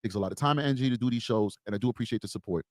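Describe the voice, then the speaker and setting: A man's voice: medium pitch, rapid-fire, very noisy. A man co-hosting a live true-crime stream, commenting emphatically and repeating his points. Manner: emphatic, repetitive, opinionated.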